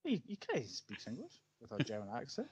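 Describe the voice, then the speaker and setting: A man co-hosting a casual film podcast, relaxed and swearing casually, laughing at his own picks. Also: medium pitch, quick pace, husky. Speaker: podcast co-host.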